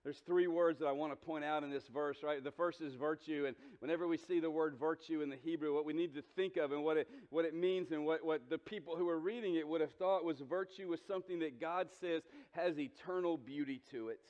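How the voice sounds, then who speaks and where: A fairly high-voiced man, preaching from a church pulpit. He is earnest and direct, stumbling over repeated words as he begins his points and asking the congregation questions. The sound is muffled and dull, with long reverb off the walls of the sanctuary. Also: fairly even intonation, fairly quick, few pauses, a little mellow. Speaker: pastor. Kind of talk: sermon.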